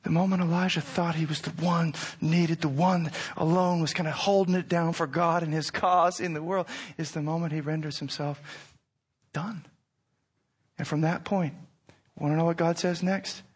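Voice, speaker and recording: Impassioned high-voiced male preacher. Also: fairly even intonation, normal speed, husky. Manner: impassioned, swings from hushed to near-shouting. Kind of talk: sermon.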